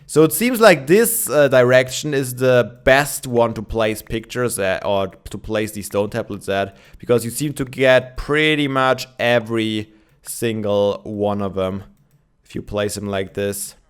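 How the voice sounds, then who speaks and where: A man's voice: medium pitch, measured pace, smooth. A young man giving casual gameplay commentary, chatting and thinking aloud with many fillers, with his morning voice. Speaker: Minecraft let's player.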